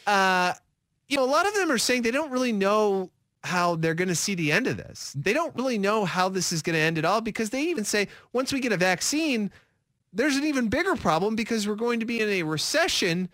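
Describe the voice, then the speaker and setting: A man co-hosting sports talk radio, his voice lively and swinging widely in pitch. He sounds bright and forward, thinking aloud in loose sentences padded with fillers. The sound is dry and close, with no room around it. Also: a little fast, dry recording. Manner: animated, rambling with many fillers.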